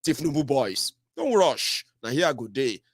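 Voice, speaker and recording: A Nigerian man hosting solo political commentary, mocking and animated, slipping into Pidgin. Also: medium pitch, moderate pace, no echo, clean studio sound.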